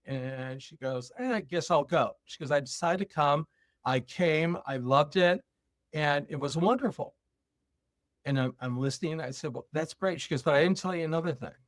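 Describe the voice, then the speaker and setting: A man with a slightly raised pitch tells a personal story on a podcast. He acts out the remembered conversation line by line, shifting between the voices. The sound is close and dry, with no room around it. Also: moderate pace, no echo. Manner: animated retelling, acting out both sides of a dialogue. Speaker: guest speaker.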